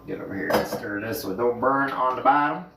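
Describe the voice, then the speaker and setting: A man's voice: mid-range voice, a little fast, reverberant, very noisy. A man from Illinois chatting casually as he cooks in his home kitchen, rambling and amused at himself. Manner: rambling, chatty, self-amused, sings off-key snippets. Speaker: vlogger. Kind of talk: casual cooking vlog chat.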